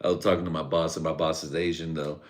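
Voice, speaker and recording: A man's voice: rumbling low, little pitch movement, quick pace. A man from Central California hosting a live stream, rambling through a profane casual rant with crude jokes and frequent laughter.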